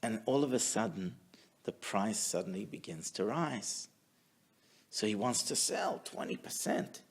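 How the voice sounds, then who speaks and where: A man teaching a weekly Torah class who tells stories in a lively way and acts out the people in them. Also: on the low side, a little slow, slightly rough. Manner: animated storyteller, acts out quotes. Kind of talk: storytelling Torah lesson.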